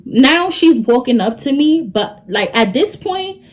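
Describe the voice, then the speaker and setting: A young woman telling a story to her vlog audience in an animated way. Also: sits high, a little slow, rough recording. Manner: animated, talks straight to the audience. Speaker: vlogger.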